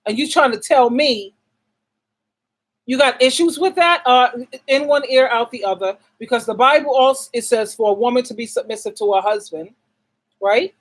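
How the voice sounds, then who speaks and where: A woman's voice: on the high side, normal speed, rough recording. A middle-aged woman hosting an advice channel, talking casually and bluntly, asking herself rhetorical questions and repeating words for stress. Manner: emphatic, asks rhetorical questions and answers them herself. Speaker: relationship advice channel host. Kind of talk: casual advice monologue to camera.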